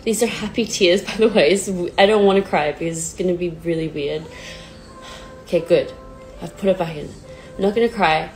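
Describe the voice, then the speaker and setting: Her voice is lowish and her pace normal, with a sad song faintly behind her on a rough recording. The woman, a pop singer in her twenties, is chatting casually on a phone livestream, nervous, near tears, hesitant, self-deprecating and full of fillers.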